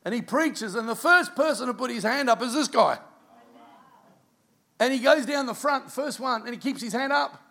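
With an extremely high pitch and noticeable vocal fry, a middle-aged Australian man preaches as a pastor at a moderate pace. He relates a personal story in an animated way, with quiet asides mixed in.

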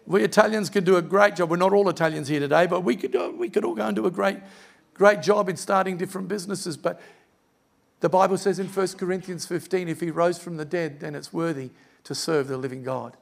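Earnest preacher, high gravelly voice. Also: male voice, steady tone, a little fast. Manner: earnest, personal preaching with scripture quotes. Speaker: pastor. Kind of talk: sermon.

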